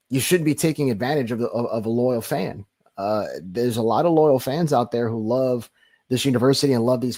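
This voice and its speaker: Rambling sports-talk man. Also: medium pitch. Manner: animated, rambling with restarts. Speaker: podcast co-host.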